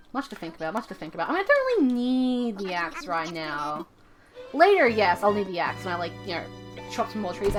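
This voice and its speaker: A woman streaming a video game live, chatting casually and rambling, often repeating her own phrases. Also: medium pitch.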